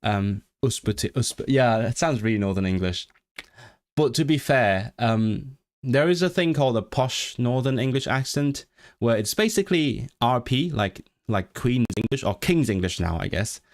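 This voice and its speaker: A man's voice: medium pitch, animated, moderate pace. A man whose first language is Cantonese, hosting a casual livestream chat, rambling with many restarts and reading chat messages aloud. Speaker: livestream host.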